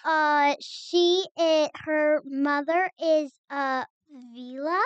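A teenage girl, a guest on a casual podcast, talking haltingly and searching for words. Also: sits high, steady tone, no room sound, highs cut off. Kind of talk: casual chat.

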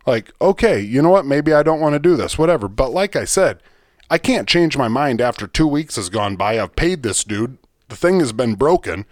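A man's voice: medium pitch, expressive, moderate pace, dry recording, clean studio sound. A man co-hosting a podcast, ranting and telling a story in profane casual chat. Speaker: podcast co-host. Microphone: studio mic.

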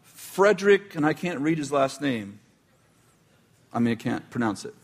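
A man's voice: medium pitch, lively intonation, moderate pace. A man preaching in a casual, conversational style, often breaking off mid-sentence and adding wry asides. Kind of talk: conversational sermon.

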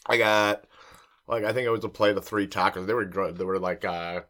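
Young guy on a food podcast, kinda low voice, lots of um and like, eating while he talks. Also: flat delivery, a little fast, fairly bright tone. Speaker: podcast co-host. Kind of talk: casual chat while eating.

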